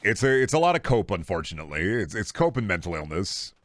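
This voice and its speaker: A man's voice: low voice, very animated, fast talker, a bit bright, no echo. A young male streamer riffing on his chat in a crude, sarcastic, casual way.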